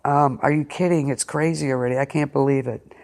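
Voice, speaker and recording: A man's voice: mid-range voice, steady tone, fairly quick, vocal fry, darkish tone. Rambling, hesitant male radio host. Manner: rambling, hesitant, full of fillers and restarts; incredulous, keeps saying wow. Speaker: internet radio show host. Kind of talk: casual chat.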